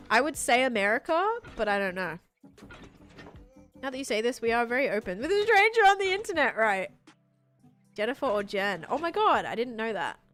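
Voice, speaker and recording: A woman's voice: mid-range voice, a bit bright. A young woman streamer chatting casually and rambling with lots of fillers. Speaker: game streamer. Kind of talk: casual live-stream chat.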